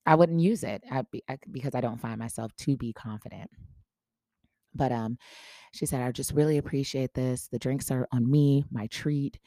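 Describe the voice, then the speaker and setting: A woman's voice: very deep voice, normal speed, no room sound, clean studio sound. A woman podcast host telling a casual story and acting out the dialogue in it. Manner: animated storyteller, acts out quoted dialogue.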